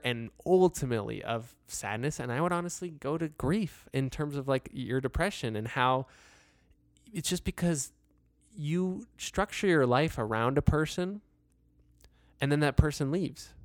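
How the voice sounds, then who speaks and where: Man, casual advice talk, earnest and rambling, crisp clear voice, mid pitch. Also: a little mellow, dry recording, clean studio sound. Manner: earnest and rambling, with frequent "like" fillers and laughs. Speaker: advice speaker.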